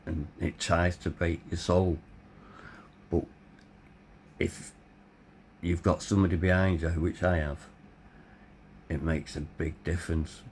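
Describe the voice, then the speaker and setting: A middle-aged man telling his own story in a blunt, candid way, swearing freely, his voice tired and hoarse. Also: rumbling low, a little mellow, a little hiss or hum. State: hoarse, voice tiring. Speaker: vlogger. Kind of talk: personal storytelling.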